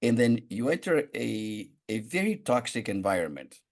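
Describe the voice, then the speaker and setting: A man's voice: mid-range voice, big pitch swings, normal speed. A man podcast host asking a guest long, searching questions that circle around before landing. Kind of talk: interview questions.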